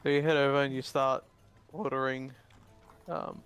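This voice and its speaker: A man narrating a tabletop game as dungeon master, casual and halting, restarting his sentences often. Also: mid-range voice, level tone, fairly bright tone, smooth, no room sound, faint music behind.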